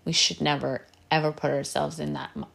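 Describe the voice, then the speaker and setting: A woman's voice: sits low, flat delivery, fairly quick, vocal fry, a bit bright. A woman speaking in an earnest, direct coaching tone about everyday habits, sometimes slipping into Spanish phrases. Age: adult with a partner and kids. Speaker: podcast host giving advice. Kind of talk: casual advice talk.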